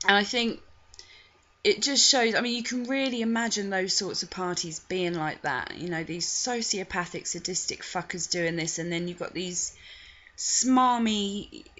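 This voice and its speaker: A woman's voice: fairly low pitch, bright, forceful tone. A woman giving frank, chatty commentary on film clips, with disgusted asides. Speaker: video commentator. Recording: dull lo-fi recording.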